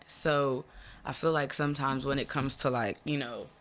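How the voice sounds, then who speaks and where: A woman in her twenties with a deep, low voice, chatting casually as a podcast guest and using lots of fillers. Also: moderate pace. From born in the US, early years in Ghana, raised in New Jersey. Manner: relaxed, filler-heavy, often says "like" and "you know what I'm saying". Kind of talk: casual conversation.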